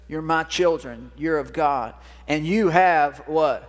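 Preaching pastor in an echoing church hall. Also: male voice, fairly high pitch, moderate pace. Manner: preaching with call-and-response, folksy phrasing. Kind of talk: sermon. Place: church sanctuary. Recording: long reverb of a church hall.

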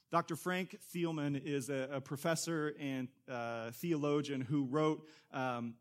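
A man preaching a sermon as a pastor in a conversational, animated way, with quick asides to the congregation. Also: a little high.

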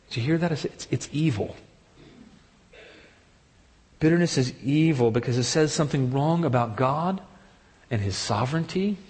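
A man preaching a sermon with emphatic delivery, rising high when he mimics people's excuses. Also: slightly rough. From partly German heritage. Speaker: pastor. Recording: long hall reverb.

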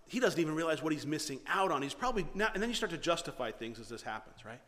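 Guy preaching, lots of rhetorical questions, fairly high voice, big echoey hall. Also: fast talker, hardly any pauses. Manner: animated storytelling full of rhetorical questions. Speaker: pastor. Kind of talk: sermon.

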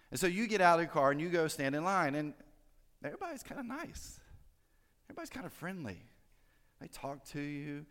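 A man's voice: mid-range voice, fairly bright tone, in a large hall. A pastor giving a conversational sermon, drawing his listeners in with friendly tag questions.

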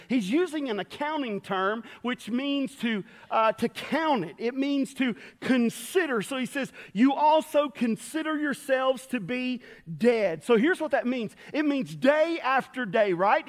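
A man preaching a sermon as pastor, folksy and storytelling. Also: extremely high pitch. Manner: folksy, storytelling with quoted voices. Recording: long hall reverb.

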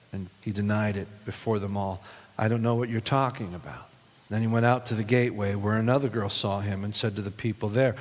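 A man's voice: medium pitch, long reverb tail. A male pastor preaching a sermon, reading scripture aloud and then reflecting on it with rhetorical questions.

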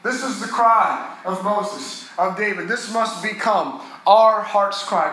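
A man preaching a sermon as pastor, earnest, rising and swelling on key phrases and dropping soft and low on tender moments. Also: slow, hardly any pauses, heavy reverb, rough recording.

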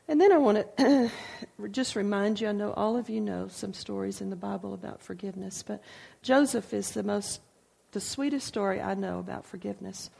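Older woman, devotional speaker, folksy storytelling, gravelly voice. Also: mid-range voice, a little mellow. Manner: folksy storytelling with frequent asides. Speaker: speaker sharing testimony. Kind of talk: informal devotional talk.

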